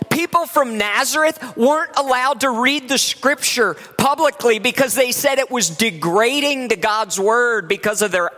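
Pastor preaching, high voice. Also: male voice. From West Virginia. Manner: lively, conversational preaching with laughs and acted asides. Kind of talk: sermon. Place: church sanctuary. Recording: long hall reverb.

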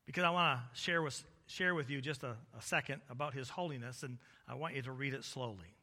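A male preacher delivering a sermon, swinging between loud emphatic peaks and low quiet stretches in a repetitive preaching cadence. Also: fairly quick. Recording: long reverb of a large hall.

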